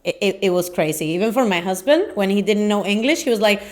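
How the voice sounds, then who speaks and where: A woman's voice: mid-range voice, quick pace. Chatty young woman host, Spanish native, easygoing filler-heavy banter. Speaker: podcast host. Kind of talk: casual chat.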